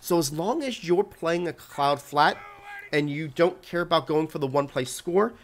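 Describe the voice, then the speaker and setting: Male tutorial host, pitch a little above average, instructive, keeps checking in with the listener. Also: lively intonation, moderate pace, slight background noise. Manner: instructive, repeats "right?" to check in with the viewer. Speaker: video game tips channel host. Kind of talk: explaining plays over gameplay footage.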